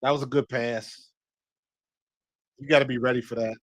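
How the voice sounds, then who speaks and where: A man giving excited live fan commentary on a basketball game, talking to the players as if coaching them and scolding missed shots. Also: medium pitch, normal speed, no room sound. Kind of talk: live watch-along commentary.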